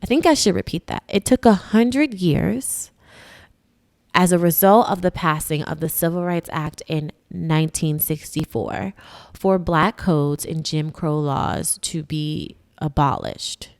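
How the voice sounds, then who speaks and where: Speaking at a measured pace in a low-pitched voice, a female podcast host from the United States walks listeners through history. Her delivery is conversational and emphatic, and she frequently checks in with her audience.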